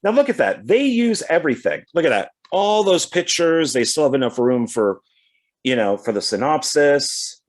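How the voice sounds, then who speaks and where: In a slightly high, sing-song voice at a moderate pace, a male DVD collector chats his way through his latest purchases. His casual unboxing commentary includes reading back covers aloud.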